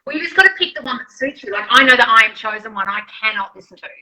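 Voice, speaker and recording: A woman's voice: a little high, expressive, very fast, pushed and bright, low-quality recording. A woman hosting a casual live chat as a manifestation coach, enthusiastic and encouraging, swearing casually.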